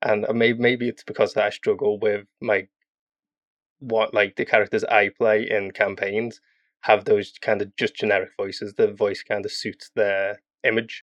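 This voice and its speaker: A man chatting casually as a podcast guest, rambling and animated as he explains his game characters. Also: on the low side. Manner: rambling, animated with quick voice demos. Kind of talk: casual chat.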